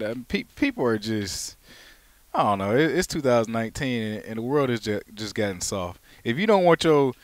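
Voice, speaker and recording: A man's voice: mid-range voice, dry recording. A man co-hosting a casual sports podcast, talking emphatically and repeating himself as he argues a point. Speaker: podcast co-host.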